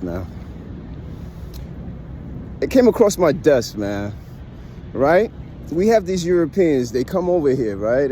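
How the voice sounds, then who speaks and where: A man's voice: high-pitched, warm tone, a little hiss or hum. A man from the United States giving a casual, emphatic monologue to his viewers, often tossing in "right?" as he argues a point. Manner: keeps asking "right?" as he lectures; emphatic, questioning, persuasive. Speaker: vlogger. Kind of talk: casual talking-to-camera monologue.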